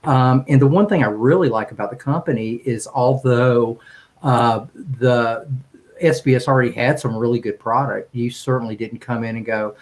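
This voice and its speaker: A man's voice: mid-range voice, steady tone, normal speed, poor audio. Enthusiastic man telling a story. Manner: enthusiastic, rambling with restarts. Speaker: guest, music streaming executive. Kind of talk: casual storytelling on a video call. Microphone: video call.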